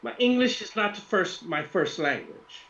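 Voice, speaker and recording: A man voicing a vain, pushy Russian female influencer with a high, clipped, broken-English put-on Russian accent. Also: huge pitch swings, moderate pace, vocal fry, a bit bright, heavily acted. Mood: cheery. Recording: echoey room, dull lo-fi sound.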